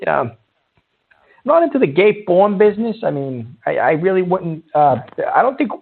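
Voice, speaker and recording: A man's voice: high voice, big pitch swings, normal speed, vocal fry, slightly rough. A man hosting a comedic call-in radio show, blustery and exasperated. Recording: tinny phone-like sound.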